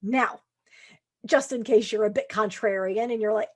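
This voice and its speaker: A woman's voice: a little high, animated, unhurried. Woman sales coach, conversational podcast. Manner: conversational, acts out quoted lines of prospects. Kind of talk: podcast sales advice monologue.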